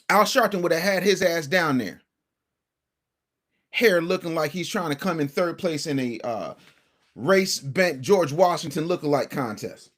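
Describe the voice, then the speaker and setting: A man's voice: a little high, moderate pace, a bit bright. A man hosting a casual livestream commentary show, brash and combative, talking straight to his chat.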